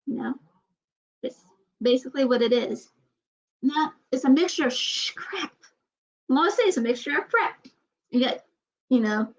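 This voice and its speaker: A woman with a light Southern US accent, talking in a candid, rambling, blunt way. Her voice sits high. The recording sounds dull and lo-fi. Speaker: vlogger. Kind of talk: casual chat.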